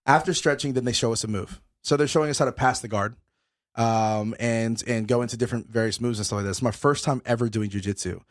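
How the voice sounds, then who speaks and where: Fast-talking, swearing young man, out of breath. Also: mid-range voice. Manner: animated storyteller, swears a lot. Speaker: podcast host. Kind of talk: casual chat.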